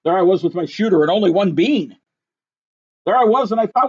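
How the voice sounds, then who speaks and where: This high-voiced male reader moves briskly through a rhyming picture book in a bouncy sing-song, stopping often, his voice carrying a breathy edge. The lo-fi recording sounds dull, missing its top end.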